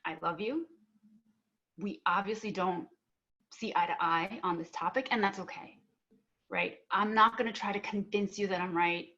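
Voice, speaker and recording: A young woman speaks earnestly and with feeling, acting out both sides of a past argument as she tells her story. Her voice sits at a middle pitch. The sound is a bit muffled and dull, like audio from a video call. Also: fairly even intonation, moderate pace, sharp tone. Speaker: panel speaker. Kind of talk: personal storytelling on a panel.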